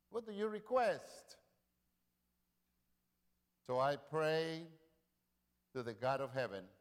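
A man preaching a sermon, repeating lines, swelling loud and falling quiet. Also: mid-range voice. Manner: rousing preaching with repetition, rising and dropping in volume. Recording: long reverb of a large hall.

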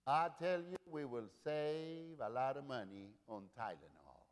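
A man preaching a sermon, repeating lines, swelling loud and falling quiet. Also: on the high side, sing-song, unhurried, few pauses. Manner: rousing preaching with repetition, rising and dropping in volume. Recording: long reverb of a large hall.

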